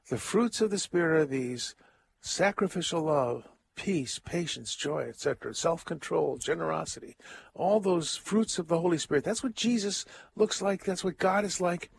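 Man, priest giving a homily, slightly high voice with a gravelly edge, halting and conversational, faint hiss. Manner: conversational, thinking aloud with frequent ums and restarts.

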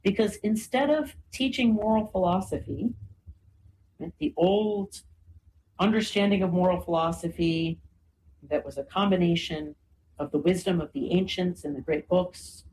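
A woman's voice: lowish voice, moderate pace, darkish tone, slight background noise, poor audio. A woman explaining history in a conversational, lecture-like way, often adding "right?" and "you know" as fillers. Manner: frequent fillers and tag questions, emphatic.

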